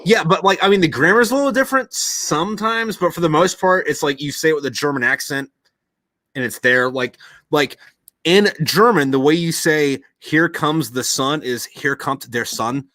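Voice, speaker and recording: A man's voice: fairly high pitch, moderate pace, bright, forceful tone, dry recording. A man in casual podcast chat, rambling and swearing a lot, with many fillers. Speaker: podcast host.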